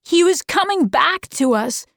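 A woman voicing a kind teenage boy who speaks quietly and earnestly in an audiobook. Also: extremely high pitch, expressive, a little slow, gravelly, no room sound, studio quality, pitched above the performer's own voice, full character voice. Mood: gentle.

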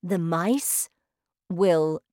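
A woman voicing a cruel, bossy female witch leader who shouts her orders with scorn, in a storybook reading. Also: on the low side, drawn-out words, no room sound, clean studio sound. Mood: scornful, commanding. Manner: shouting, commanding, contemptuous.

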